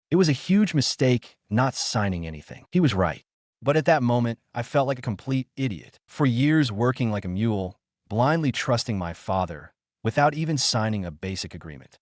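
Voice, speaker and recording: A man's voice: mid-range voice, big pitch swings, normal speed, dry recording, studio quality. A man narrating a scripted first-person story in a bitter, emotional, dramatic way.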